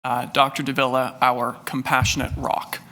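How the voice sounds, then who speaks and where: A man chairs a council board meeting, courteous and orderly as he hands the floor to presenters. His voice is bright and forceful. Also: mid-range voice, monotone, normal speed.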